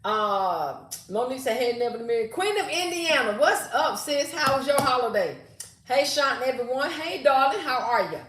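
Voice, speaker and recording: A woman's voice: high-pitched, animated, normal speed, fairly bright tone, roomy sound, slight background noise. A woman hosting a casual livestream, reading viewer comments aloud and greeting people by name.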